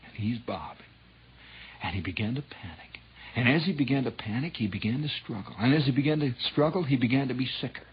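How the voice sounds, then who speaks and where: A man telling a dramatic true story on old radio, dropping to hushed whispers and rising to loud swells. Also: mid-range voice, animated, fast, a little hiss or hum. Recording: dull lo-fi 1960s radio recording.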